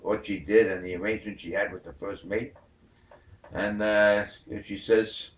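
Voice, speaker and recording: A man's voice: lowish voice, steady tone, normal speed. A man telling a long joke in a rambling way, full of fillers. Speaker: joke teller. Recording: echoey room from far off.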